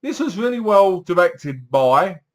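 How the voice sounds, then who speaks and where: A young man giving a casual film review, retelling the plot in a rambling, animated way full of "so basically" and acted-out quotes. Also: high-pitched, unhurried.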